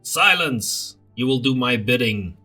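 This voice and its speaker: A man voicing a fanatical, crazed old nobleman grandfather in a story game, ranting and slow. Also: medium pitch, expressive, bright, forceful tone, faint music behind, exaggerated voice. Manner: ranting, slow menacing pronouncements.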